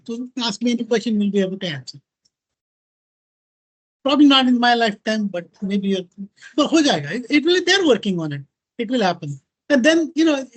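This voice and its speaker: Man, middle-aged, Indian accent, husky, animated talk to an audience, mixes in Hindi. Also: very high-pitched. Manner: animated, mixes Hindi into English, repeats "right?" and "okay?". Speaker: guest speaker.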